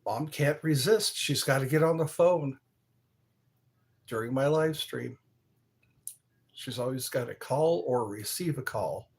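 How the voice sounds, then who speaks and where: A man hosting his own live stream, chatting slowly and aimlessly, greeting viewers by name and trying to recall old movies. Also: mid-range voice, vocal fry. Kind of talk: rambling live stream chat.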